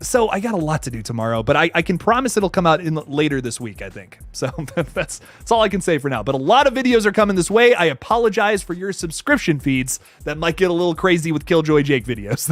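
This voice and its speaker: Reading out super chats during a relaxed livestream, this excitable man runs a horror movie channel. His voice is high, he curses freely and keeps breaking into laughter, and there's no room sound on the audio.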